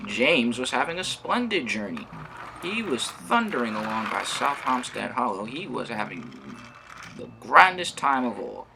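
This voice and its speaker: A man narrating a children's story with a lively delivery. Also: mid-range voice, unhurried, gravelly, background noise.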